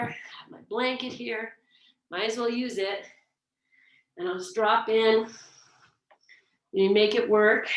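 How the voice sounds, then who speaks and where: A woman teaching a yoga class, giving gentle, encouraging, relaxed cues as she demonstrates the poses. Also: on the high side. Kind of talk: guided yoga class instruction. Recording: echoey room, mic far off.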